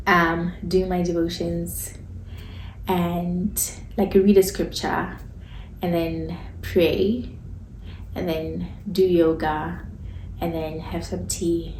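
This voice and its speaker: A woman's voice: on the low side, fairly even intonation, takes it slowly, slight background noise. A woman who works as an esthetician, sharing a personal faith testimony in a candid, conversational way with informal phrasing. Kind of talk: personal testimony, casual storytelling. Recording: echoey room.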